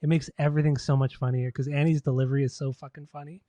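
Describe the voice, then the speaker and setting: A man's voice: fairly high pitch, flat delivery, fast talker, warm tone, dry recording, lo-fi sound. A man co-hosting a podcast in casual chat, laughing often and stringing "like" fillers. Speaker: podcast co-host.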